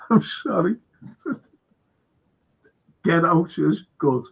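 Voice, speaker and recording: A man hosting a casual film chat stream, excitable and reading out viewer comments. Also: fairly high pitch, very slow, creaky, slightly rough. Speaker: host. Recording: dull lo-fi stream audio.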